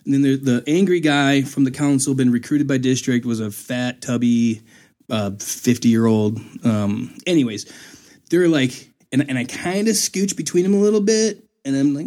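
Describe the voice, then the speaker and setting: A man's voice: medium pitch, unhurried. A young man in casual conversation, telling a story with lots of laughter and acted-out voices of other people. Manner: animated, laughing, acts out voices. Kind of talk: casual chat.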